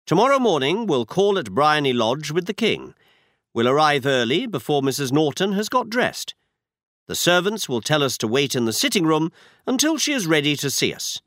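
A man voicing a shrewd, confident male detective who lays out his schemes in crisp, commanding explanations. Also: fairly high pitch, a bit bright, no echo, clean studio sound.

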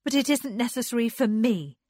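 A woman's voice: fairly high pitch, sing-song, a little slow, slightly rough, no room sound, voice pushed up, heavily acted. A woman voicing a proud young woman who speaks primly and coolly. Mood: cold. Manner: prim, coolly defiant. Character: proud, cool young woman, refined speech.

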